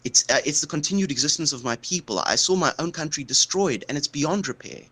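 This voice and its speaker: A man's voice: fairly high pitch, expressive, brisk, sharp tone, breathy edge. A man in a heated debate, talking in an impassioned, rambling way full of fillers and restarts, and openly emotional.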